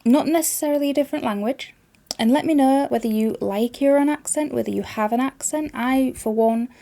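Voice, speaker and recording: A woman's voice: sits high, a little fast, gravelly, warm tone. A woman with a Yorkshire accent reads a fairytale aloud and then chats directly to her viewers. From Yorkshire, northern England. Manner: chatty, addresses viewers directly. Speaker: storyteller and channel host. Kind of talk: reading a fairytale and chatting to viewers.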